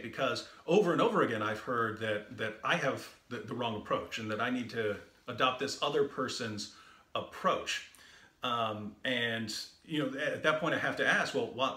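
Animated man telling a story in an echoey room. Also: medium pitch. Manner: acts out quoted dialogue with animated emphasis. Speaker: co-host of a video series. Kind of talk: casual anecdotal storytelling.

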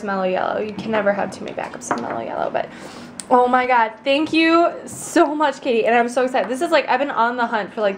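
A woman's voice: high voice, background noise. A woman chatting casually into a handheld camera for her vlog, bubbly and gushing, full of fillers. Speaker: vlogger. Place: car, then bridal shop.

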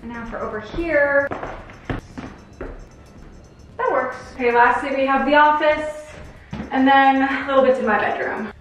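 A woman's voice: high voice, normal speed, a bit bright, lo-fi sound, a little hiss or hum. A young woman vlogging at home in a casual, chatty, giggly way. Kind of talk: casual vlog chat. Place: at home, indoors. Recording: echoey room.

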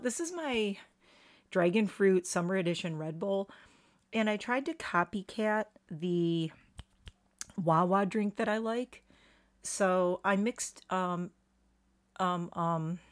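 A middle-aged woman with a slight lisp, chatting casually and rambling through a live makeup stream, self-deprecating and full of fillers. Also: fairly low pitch. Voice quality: slight lisp on her S sounds. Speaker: beauty vlogger doing a live stream.

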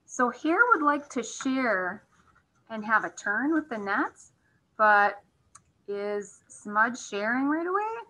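A woman teacher reading a storybook aloud to small children, pausing to ask them gentle questions. Her voice is bright and lively, rising and falling a lot, and sits a little high. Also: low-quality recording.

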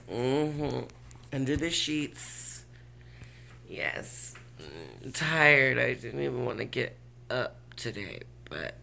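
Woman vlog host, brash and profane, gravelly and bright, talks from her bed. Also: rumbling low, slight background noise. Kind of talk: casual vlog rant. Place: lying in bed.

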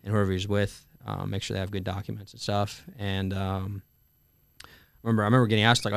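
Low, gravelly man recounting a war story. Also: flat delivery, quick pace, no echo. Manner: frequent fillers and swearing, acts out quoted dialogue. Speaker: Marine telling his story as a podcast guest. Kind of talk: casual conversational storytelling.

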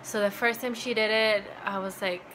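Young woman, vlogger, bright clear tone, chatty and filler-heavy, faint background hiss. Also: medium pitch, fairly even intonation, normal speed, low-quality recording. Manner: chatty, full of "like" fillers, acts out remembered dialogue. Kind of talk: casual personal storytelling.

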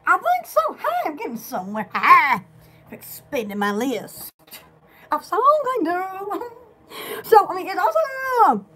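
A woman in casual, rambling chat, excitable and giggly, often restarting her sentences. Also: very high-pitched, measured pace. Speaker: store vlogger.

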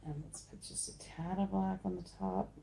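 A woman's voice: medium pitch, fairly even intonation, normal speed, vocal fry, very noisy. A woman chatting casually and self-deprecatingly to the camera while she pours paint, giggling often. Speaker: acrylic pour artist. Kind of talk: casual craft vlog chat. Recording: echoey room.

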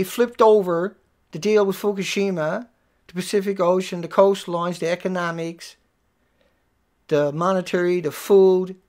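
On a livestream, the host angrily curses at viewers, first muttering quietly, then building to a yell.

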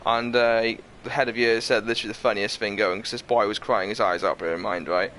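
A man's voice: fairly low pitch, quick pace. A young man in his twenties hosting his channel, telling a long story in a rambling, chatty way, laughing as he goes. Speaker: channel host. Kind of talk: casual storytelling to camera. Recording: steady background noise.

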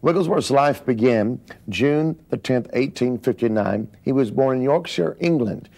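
A man's voice: medium pitch, animated, a little slow, gravelly, a little mellow. Man plainly recounting a minister's life. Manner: plain explanatory delivery with occasional personal asides. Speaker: speaker recounting a minister's biography. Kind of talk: biographical teaching talk.

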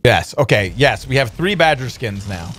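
A man hosting a let's play, commenting on gameplay in an excitable, joking way with many exclamations. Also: mid-range voice, moderate pace.

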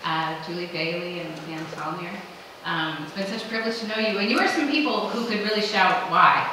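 A woman's voice: lowish voice, brisk, background noise. A woman pastor giving a conversational, emphatic sermon to her congregation. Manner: conversational, emphatic, quoting imagined questions. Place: church sanctuary. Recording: echoey church from far off.

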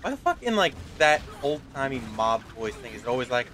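A man's voice: medium pitch, sing-song, brisk, a bit bright. A man streaming a video game, chatting casually, swearing now and then, and talking to the game. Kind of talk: casual gameplay commentary.

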